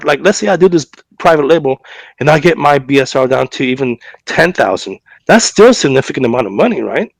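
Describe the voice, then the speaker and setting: A man's voice: medium pitch, animated, a little fast, vocal fry, no room sound, rough recording. A man co-hosting a podcast, telling a long story in casual chat with lots of fillers and restarts, acting out both sides of a conversation. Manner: chatty, many fillers and repeated words. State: recovering from a cough and fever. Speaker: podcast co-host.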